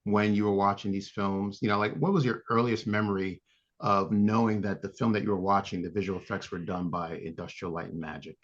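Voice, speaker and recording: A man hosting a podcast, asking an interview guest questions in a relaxed, polite manner. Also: on the low side, a little fast, lo-fi sound. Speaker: podcast co-host.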